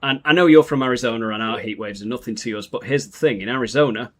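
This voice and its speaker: A British man hosting a casual livestream chat, halting and self-deprecating, often restarting his phrases. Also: medium pitch, fairly bright tone. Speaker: channel host.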